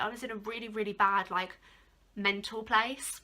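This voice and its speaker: Bright-voiced young Englishwoman telling a story. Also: medium pitch, steady tone, moderate pace. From England. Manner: rambling, heavy use of "like", emotional at moments. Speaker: vlogger. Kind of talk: casual storytime vlog.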